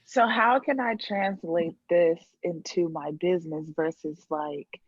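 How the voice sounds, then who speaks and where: A woman's voice: fairly low pitch, measured pace, dry recording. Candid woman, dull dry call audio. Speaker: guest on a coaching call. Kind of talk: casual chat.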